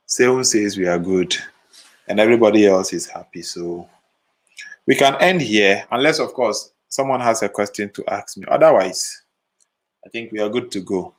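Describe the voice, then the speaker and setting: A man's voice: fairly low pitch, moderate pace, rough recording. A man hosting a live photo retouching stream, chatting casually with viewers while sleepy and yawning. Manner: relaxed, sleepy, talks to chat viewers. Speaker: photo retouching livestream host. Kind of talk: casual livestream chat.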